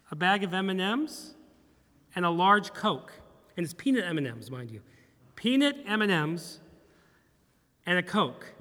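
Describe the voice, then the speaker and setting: A middle-aged man, a pastor, preaching a sermon in a church in an animated, humorous way, acting out bits of dialogue. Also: extremely high pitch, long reverb tail. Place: church sanctuary.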